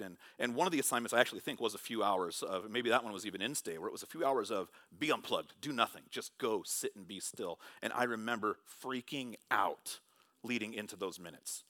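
A man preaching a sermon in church, shifting between loud, animated bursts and hushed, quiet passages. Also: fairly low pitch, brisk, no echo. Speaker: pastor.

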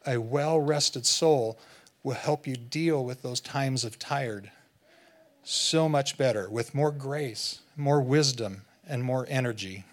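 A man delivers a sermon as a guest preacher in an easy, conversational way. His voice sits at an ordinary middle pitch. He drops his pace to lean on the important lines. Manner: conversational, slows down for emphasis.

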